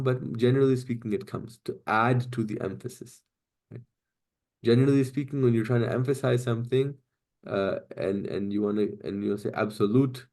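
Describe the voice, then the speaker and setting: A man's voice: fairly low pitch, gravelly, a little mellow. Patient man teaching Quranic Arabic grammar. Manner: patient, checks understanding with frequent "right?" and "okay?"; recites Arabic verses quickly. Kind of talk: live class explanation.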